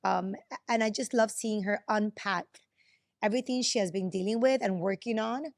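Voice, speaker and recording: A woman's voice: mid-range voice, normal speed, creaky, no echo, studio quality. A woman hosting a podcast, effusive and encouraging in casual chat. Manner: warm, effusive, thanking and encouraging. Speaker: podcast host.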